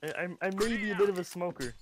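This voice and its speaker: A man's voice: high voice, fast. A teenage boy playing along as a customer in a game, teasing and giggly. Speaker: gamer friend playing a customer. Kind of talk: playful game role-play.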